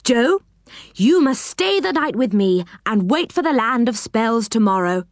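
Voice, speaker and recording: A woman's voice: on the high side, very animated, unhurried, no echo, clean studio sound. A woman voicing a kindly male character in a storybook, talking in a fussing, friendly way. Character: kindly, cheerful male tree-dweller.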